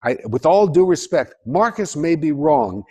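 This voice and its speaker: Animated male lecturer, lively voice. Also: fairly high pitch, unhurried, breathy edge, muffled recording. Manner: animated, jokey, addresses the audience with questions. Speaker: author giving a lecture. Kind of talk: lecture to a live audience.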